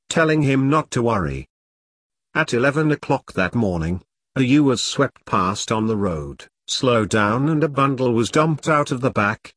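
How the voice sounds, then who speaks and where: A man narrating an audiobook in a steady, dramatic storytelling manner. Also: mid-range voice, dry recording, studio quality.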